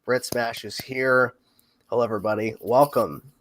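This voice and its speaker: A man hosting a casual livestream chat, talking in quick asides. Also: medium pitch, steady tone, fairly bright tone. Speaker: host.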